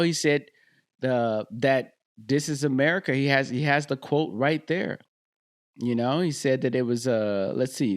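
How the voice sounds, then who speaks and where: A man hosting a podcast in casual commentary, animated and emphatic, with slangy talk and repeated phrases, into a podcast microphone. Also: on the high side. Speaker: podcast host. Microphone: dynamic USB podcast microphone.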